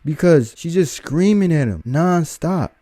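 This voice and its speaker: A man's voice: a little high, animated, a little slow, mellow, no echo. A man hosting a reaction video, giving blunt, lecturing commentary. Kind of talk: opinionated commentary.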